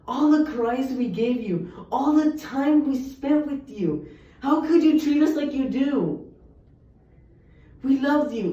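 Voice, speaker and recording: A young woman recites poetry earnestly and emphatically, her voice warm and fairly high. The recording sounds echoey, distant and muffled, as if captured in a room.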